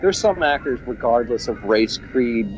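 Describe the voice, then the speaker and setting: A man's voice: medium pitch, expressive, normal speed, a little mellow, soft background music. A man from the United States, a guest on a podcast, talking casually and thoughtfully, often restarting his phrases. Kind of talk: casual chat. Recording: dull lo-fi audio.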